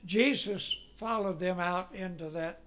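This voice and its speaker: A man's voice: high-pitched, fairly bright tone, a little hiss or hum. A man preaching a sermon in a folksy, storytelling way, rising dramatically when he quotes. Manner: folksy, slow, with dramatic rises when quoting.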